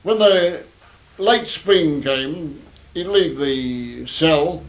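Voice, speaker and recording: A man's voice: a little high, drawn-out words, slight background noise. Wry New man spinning yarns. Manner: wry, rambling, with fillers and restarts. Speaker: storyteller. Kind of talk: anecdotal storytelling. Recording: dull lo-fi recording.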